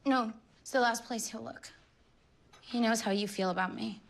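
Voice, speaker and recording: An actress playing a worried young woman on the run, speaking in a hushed, earnest way. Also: on the high side, normal speed, vocal fry. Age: young adult.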